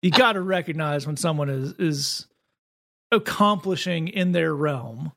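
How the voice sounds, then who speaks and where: A man with a Southern accent co-hosting a podcast, talking quickly and wryly in casual comedic chat. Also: on the high side, gravelly, sharp tone. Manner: quick, wry, with frequent restarts. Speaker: podcast co-host.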